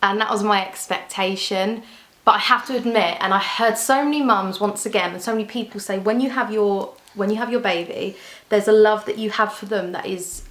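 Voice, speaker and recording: A woman's voice: mid-range voice, steady tone, a little fast, a bit bright. A young woman chatting candidly to camera as a vlogger, often restarting her sentences. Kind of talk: casual chat to camera. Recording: echoey room.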